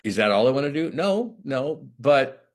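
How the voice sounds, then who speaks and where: A middle-aged actor talking in an interview, thoughtful and halting, with many restarts. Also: male voice, mid-range voice, very animated. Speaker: actor guest. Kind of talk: reflective interview talk.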